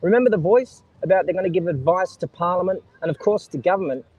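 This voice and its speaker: Husky Australian man ranting on a live stream. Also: high voice, expressive, fast talker, darkish tone, no echo, lo-fi sound. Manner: opinionated, talks straight to viewers and reads out chat. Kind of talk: casual live-stream commentary. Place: outdoors on a beach.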